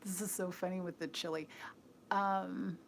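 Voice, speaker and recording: A woman's voice: fairly low pitch, flat delivery, normal speed, creaky, a little hiss or hum. A woman hosting a live stream, talking in a casual, opinionated way and answering viewers' comments aloud. She is earnest and chatty and often drops to a near-whisper.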